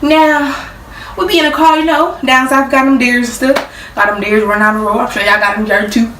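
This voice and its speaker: A woman's voice: fairly high pitch, fairly even intonation, brisk, a bit bright, far from the mic, a little hiss or hum. Goofy woman in a roomy space. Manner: goofy, playful, chatty. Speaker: vlogger. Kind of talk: casual joking explainer. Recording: roomy sound from off mic.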